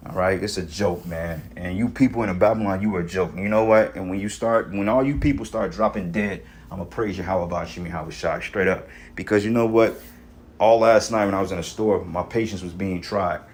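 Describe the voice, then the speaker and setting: A man's voice: low-pitched, brisk, a little mellow. A man ranting casually about religion and society in a blunt, profane, rambling way, full of street slang. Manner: street slang, frequent "you know what I'm saying". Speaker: religious vlogger.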